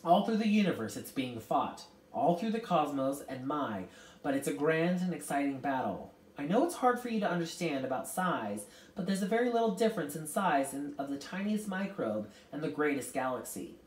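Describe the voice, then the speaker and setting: A woman voicing a kindly, motherly old celestial being who comforts children, speaking gently. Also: low voice, very animated, moderate pace. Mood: encouraging. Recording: roomy, distant mic.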